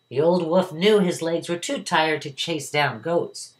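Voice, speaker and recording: A woman's voice: low-pitched, a little slow. An older woman, a retired teacher, reading a children's story aloud at home. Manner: warm, expressive reading to children.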